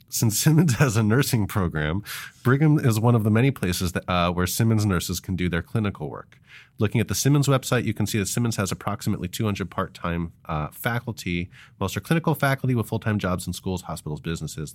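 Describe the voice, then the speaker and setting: Deep-voiced guy cohosting a podcast, chatty and halting, super dry close mic. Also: animated, dry recording. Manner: chatty, halting, laughs often. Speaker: podcast co-host. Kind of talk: casual podcast chat.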